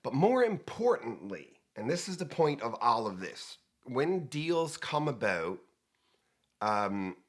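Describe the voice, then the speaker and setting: A man's voice: mid-range voice, takes it slowly. A man hosting a real estate talk show, chatting casually with jokes and rambling asides. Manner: lively, joking, rambling asides. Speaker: host.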